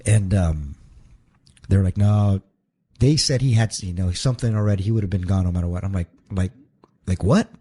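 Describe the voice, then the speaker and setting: A man with a husky, slightly low voice talks through a long story in an interview. He stumbles and repeats words as he goes, reliving each moment aloud. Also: a little fast, warm tone. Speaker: guest, wrestler.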